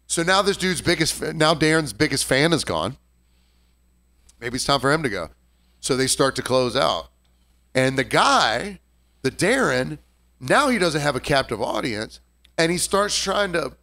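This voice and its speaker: A man spins a story in loose podcast banter, his pitch leaping up and down as he goes. He swears freely and keeps the telling lively, with a mid-range voice. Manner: profane, animated storytelling. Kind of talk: casual podcast chat.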